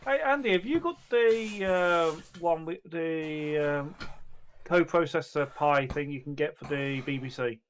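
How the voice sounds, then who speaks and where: High-voiced, jokey male chatterer, faint background noise. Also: a little slow. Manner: jokey, laughs often, chatty. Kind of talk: casual chat.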